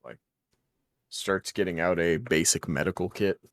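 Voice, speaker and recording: A man's voice: low-pitched, a little slow, no room sound, clean studio sound. Laid-back male game master. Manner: relaxed, casual narration with fillers. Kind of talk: narrating a tabletop game.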